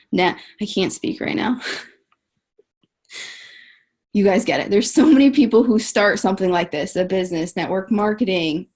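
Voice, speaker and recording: A woman's voice: medium pitch, darkish tone. A woman coaching her network marketing team over a live stream, upbeat and emphatic, often saying "like" and "guys".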